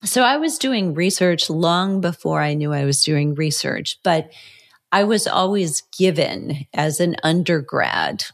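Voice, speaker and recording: Woman in her fifties, fitness educator guest, low voice, earnest. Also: very animated, a little slow, creaky. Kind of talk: interview conversation.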